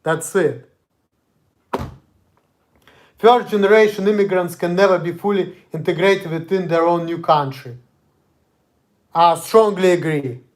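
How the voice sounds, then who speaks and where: A man's voice: high voice, a little slow, pauses often. A young man from Russia with a Russian accent, ranting angrily and profanely in a confrontational monologue. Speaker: vlogger. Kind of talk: angry monologue.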